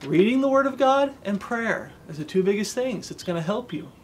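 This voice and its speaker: A man with a notably high voice preaches a relaxed devotional sermon. He talks earnestly and plainly, reciting scripture in old-fashioned wording and pausing to ask his listeners "okay?". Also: a little hiss or hum. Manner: earnest, conversational, often checks in with "okay?"; recites King James scripture aloud.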